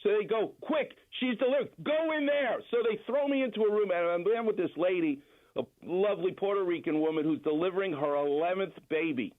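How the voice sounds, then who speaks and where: A man's voice: high-pitched, fast talker. A man, a doctor guest, calling in and telling stories in casual chat over a phone line. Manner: storytelling, explanatory.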